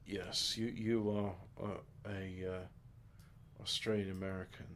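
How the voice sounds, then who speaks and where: A man's voice: sits low, level tone, slow, a little hiss or hum. A man giving rambling, joking let's-play commentary, muttering asides and mocking himself as he sets up his game. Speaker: gaming video host.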